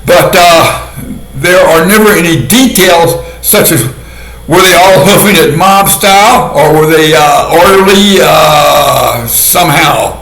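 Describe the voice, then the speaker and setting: A man giving a casual monologue commentary in a sardonic way, laughing often at his own dark jokes. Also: fairly high pitch, unhurried. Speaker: video commentator. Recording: echoey room.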